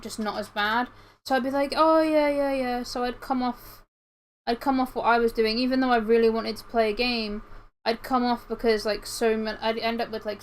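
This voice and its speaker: A woman's voice: a little high, a little hiss or hum, poor audio. A young woman, rambling through a story while livestreaming, with lots of fillers and restarts. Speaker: streamer.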